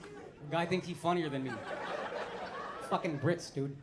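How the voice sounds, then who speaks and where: A stand-up comedian doing profane, mocking crowd work in a live club recording. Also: male voice, high voice, steady tone, brisk, pauses often, heavy background noise.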